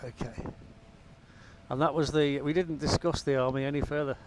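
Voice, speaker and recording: A man's voice: fairly high pitch, steady tone, moderate pace, background noise. A man giving casual, rambling commentary while flying a helicopter in a VR game, with wry asides. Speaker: gamer flying a VR helicopter sim.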